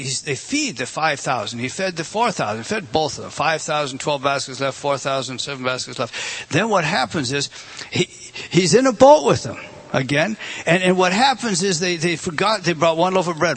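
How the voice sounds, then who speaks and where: A male pastor delivers a sermon with a husky, somewhat raised voice. He is earnest and emphatic, repeating phrases and speaking directly to his listeners. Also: a little high, big pitch swings, moderate pace, fairly bright tone. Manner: earnest, emphatic, repeats words, talks to the congregation.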